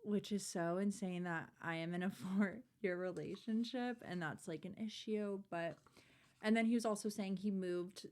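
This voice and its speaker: A woman's voice: medium pitch, normal speed, darkish tone. A woman in her twenties, a podcast guest, telling a personal story in candid, chatty talk full of "like" and swearing. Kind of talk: casual chat.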